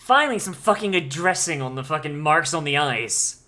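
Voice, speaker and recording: Guy doing an anime watch-along, bright voice, cusses constantly, keeps going "what the hell?" at the screen. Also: a little high, lively intonation, moderate pace. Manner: profane, incredulous outbursts. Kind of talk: casual reaction commentary.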